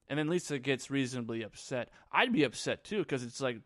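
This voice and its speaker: A man's voice: medium pitch, animated, fairly quick, few pauses, fairly bright tone, no echo, clean studio sound. Sarcastic rambling male reviewer. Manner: rambling, sarcastic, lots of fillers. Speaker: movie reviewer. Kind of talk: casual solo movie recap.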